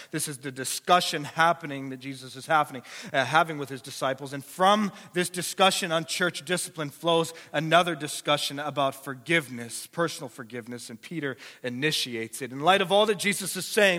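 A male pastor preaching a sermon, emphatic and repetitive, swinging from quiet to passionate. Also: fairly high pitch, brisk, hardly any pauses. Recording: echoey hall reverb.

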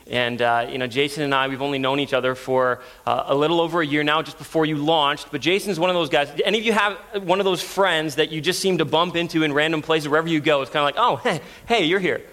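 A man's voice: a little high, steady tone, fast, few pauses, a bit bright. A man in his thirties preaching as a guest, earnest and storytelling, with frequent restarts. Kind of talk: sermon.

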